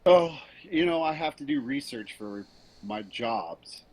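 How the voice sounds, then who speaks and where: A rude private eye in a trench coat, voiced by a man at the gaming table. He asks pointed questions and answers with open sarcasm. His voice is mid-pitched and husky. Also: animated, slow pace, darkish tone, low-quality recording. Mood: prying. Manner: sarcastic, dismissive.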